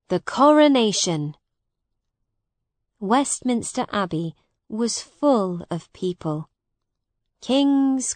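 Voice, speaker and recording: Slow, deliberate female narrator for an easy-reader storybook, dry studio sound. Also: mid-range voice, a little mellow, dry recording. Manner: slow, clear, simple graded-reader reading.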